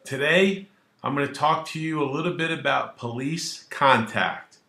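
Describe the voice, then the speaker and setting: A man who is a criminal defense attorney, explaining the law straight to camera in a brash, animated way and acting out little scenes. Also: on the high side, moderate pace, gravelly, reverberant. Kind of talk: direct-to-camera legal explainer.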